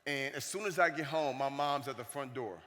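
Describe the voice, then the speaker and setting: A man giving a keynote speech, telling a story in an animated way and acting out the voices of the people in it. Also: mid-range voice, brisk. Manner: animated, acts out the voices of the people in his stories. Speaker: keynote speaker. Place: conference hall stage. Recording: long reverb of a large hall.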